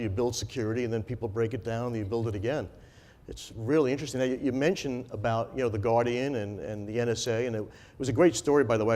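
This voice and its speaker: A man interviewing a guest on a conference stage, asking long rambling questions and often agreeing out loud. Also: medium pitch, big-room sound. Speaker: interviewer, head of the organization.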